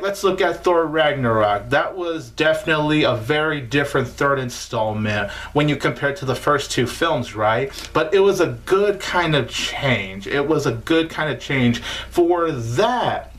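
A man's voice: fairly high pitch, fairly bright tone. Emphatic man giving a casual film review. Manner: emphatic, repeats himself, informal fillers. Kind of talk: casual spoken movie review.

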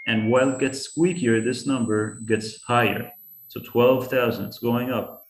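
A man's voice: medium pitch, fairly even intonation, measured pace, echoey room, slight background noise. A man giving an online science class to young students, patient and encouraging, asking them questions as he explains. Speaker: science guest speaker teaching kids.

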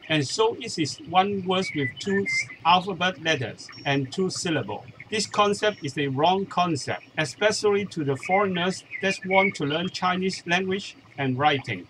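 A male language teacher, a Cantonese speaker, explaining a point slowly and methodically in English, counting out examples one by one. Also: on the high side, fairly bright tone, a little hiss or hum, rough recording. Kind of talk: explanatory lesson.

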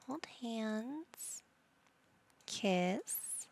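A woman gaming YouTuber chats her way through a let's play, describing every move she chooses. Her voice sits in the mid range and is slow and gravelly.

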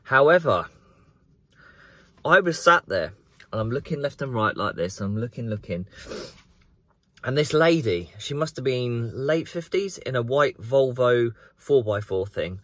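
A man, chatting to camera outdoors in a large garden in a lively, animated way as a gardening vlogger. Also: on the high side, normal speed, dry recording. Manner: chatty and animated, acts out the story. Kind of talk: casual vlog to camera. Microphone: camera on a tripod.

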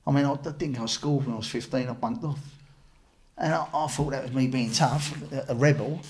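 A man, a podcast guest telling his recovery story bluntly, with lots of restarts and animated retellings. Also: mid-range voice, brisk, a little hiss or hum.

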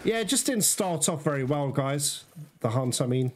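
A man's voice: fairly high pitch, animated, normal speed. A man giving let's play commentary, getting frustrated, swearing and apologizing to his viewers. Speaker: gaming streamer. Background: loud game music.

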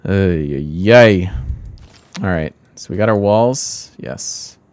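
A man's voice: deep voice, expressive, slow pace, a little mellow, smooth, dry recording. A man hosting a strategy game let's play, thinking aloud in casual commentary, often laughing at himself.

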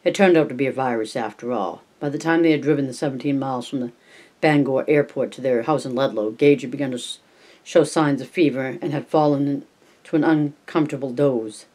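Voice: medium pitch, a little fast, a little mellow. An amateur reader narrating a novel at home, unpolished, with slips and restarts. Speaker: audiobook reader. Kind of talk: casual audiobook reading.

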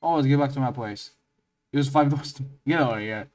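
A man's voice: a little fast, a little mellow. Man swearing through game commentary. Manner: crude, swears a lot, breaks into high laughing outbursts. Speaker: let's play gamer.

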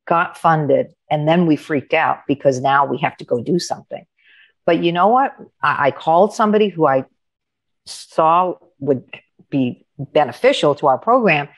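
A middle-aged woman coach, appearing as an interview guest, tells stories with animation and acts out other people's dialogue. Her voice sits low and is creaky.

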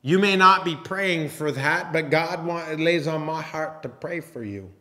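A man delivers a sermon as a church pastor. His voice sits slightly high for a man, and he talks in a conversational, halting way, restarting phrases and dropping in teasing asides. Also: pushed and bright. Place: church sanctuary.

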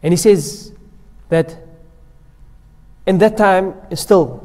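In a mosque hall with a long echo, a man acting as sheikh gives a Ramadan sermon in a high-pitched, slightly mellow voice, speaking extremely slowly. He preaches through stories and mixes in recited Arabic phrases.

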